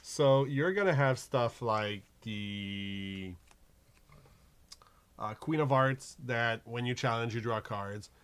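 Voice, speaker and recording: A man's voice: mid-range voice, slow, fairly bright tone, clear, resonant tone. A middle-aged man co-hosting a card game stream, chatting casually, laughing easily and narrating his plays. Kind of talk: casual chat while playing a card game.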